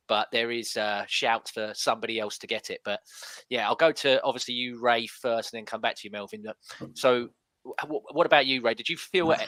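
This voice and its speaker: A man's voice: mid-range voice, sharp tone, no echo. A man hosting a casual football podcast, chatty and putting questions to his guests. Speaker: podcast host.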